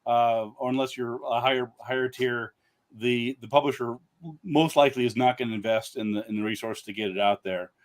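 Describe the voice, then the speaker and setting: A man's voice: mid-range voice, fairly even intonation, brisk. A man speaking as a guest author in a casual live-stream chat, rambling with lots of "uh" fillers and restarts.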